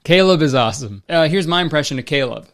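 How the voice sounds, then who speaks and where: A man giving sarcastic comedic commentary on an old reality show, with deadpan asides. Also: fairly high pitch, quick pace, faint music behind.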